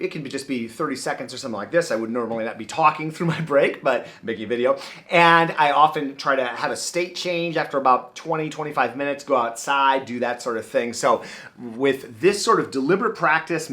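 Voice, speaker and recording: A middle-aged man teaching double bass in a relaxed, casual way, singing rhythms aloud and correcting himself as he plays. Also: a little fast. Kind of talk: casual music lesson demonstration. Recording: loud bass playing behind the voice.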